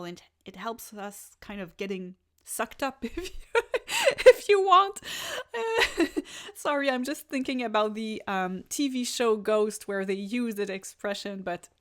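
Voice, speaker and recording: A woman hosting a podcast, telling a personal spiritual experience in a lively, enthusiastic way, with casual asides and restarts. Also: mid-range voice. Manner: animated and enthusiastic, with laughs and restarts. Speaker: podcast host and spiritual reader. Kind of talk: casual first-person storytelling.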